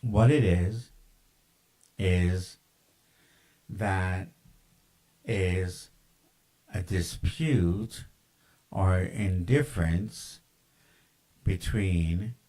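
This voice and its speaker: A man's voice: sits low, extremely slow, long pauses, dark tone, rough recording. A man ranting in a casual, rambling monologue, with lots of profanity, fillers and tangents.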